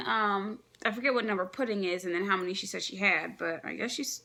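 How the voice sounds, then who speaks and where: A young woman reacting live to a comic chapter, chatty and excited, thinking aloud with frequent restarts. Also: mid-range voice, a little fast. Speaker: manga reaction vlogger.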